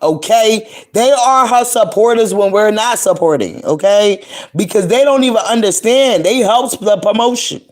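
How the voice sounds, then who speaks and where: A woman's voice: medium pitch, animated, normal speed, a little mellow. Profane ranting woman, heated and repetitive. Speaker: commentary vlogger. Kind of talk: casual commentary, reading tweets aloud.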